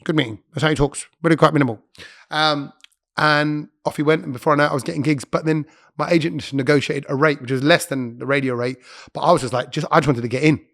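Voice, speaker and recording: A man, a radio presenter, chatting as a podcast guest and telling stories quickly, often breaking off to correct himself. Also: fairly high pitch, steady tone, vocal fry, fairly bright tone. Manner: quick, chatty storyteller who interrupts himself. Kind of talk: casual interview chat.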